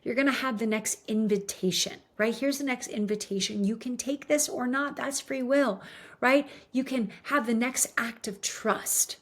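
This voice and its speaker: Woman, motivational speaker, fairly high voice, earnest coaching tone, thirties. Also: moderate pace. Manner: earnest, coaching, repeats "right?". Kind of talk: motivational talk to camera.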